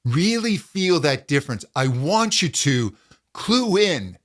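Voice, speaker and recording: Calm lively-pitched male vocal coach. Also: takes it slowly. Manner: calm, demonstrating hums and pitch slides. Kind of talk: voice lesson with demonstrations.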